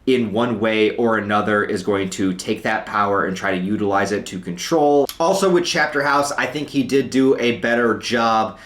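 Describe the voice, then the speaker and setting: A man who is sick and hoarse, talking in a casual, rambling review with a raspy voice and frequent hesitations, from his couch at home. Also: fairly low pitch, normal speed, few pauses, fairly bright tone. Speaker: book reviewer. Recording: roomy echo.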